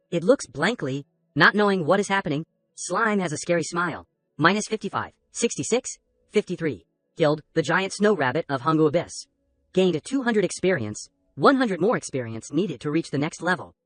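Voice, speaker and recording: A man's voice: fairly high pitch, a bit bright, no echo. A man narrating a comic recap, reading all the characters' lines in his own narrating voice. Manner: reads every character's lines in the same narrating voice.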